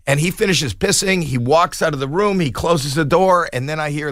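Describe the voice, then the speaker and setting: A man in his sixties, a podcast guest telling a comic story in an animated way and acting out the quoted voices. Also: a little high, normal speed, hardly any pauses, no echo, studio quality.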